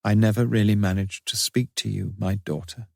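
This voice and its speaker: A man's voice: on the low side, steady tone, normal speed, gravelly, darkish tone, dry recording, studio quality. A man reading as an anguished grieving father. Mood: despairing. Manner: solemn, despairing, theatrical reading. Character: anguished, grieving father writing a confessional diary.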